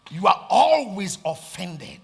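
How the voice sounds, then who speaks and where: Fiery Nigerian pastor preaching. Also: male voice, high voice, sing-song, slow pace, gravelly, slightly rough. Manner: fervent preaching, swings between shouting and hushed asides; repeats phrases for emphasis. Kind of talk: sermon.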